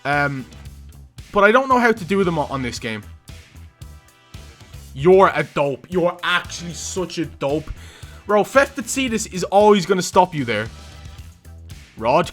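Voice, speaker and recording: A young man calls his own football game match in a high, bright voice that leaps all over the place. He bursts into excited shouts and teasing banter as the play swings. Faint game music runs underneath. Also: a little slow, pauses often. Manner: excitable, loud outbursts and banter. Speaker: gaming YouTuber. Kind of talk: live gameplay commentary.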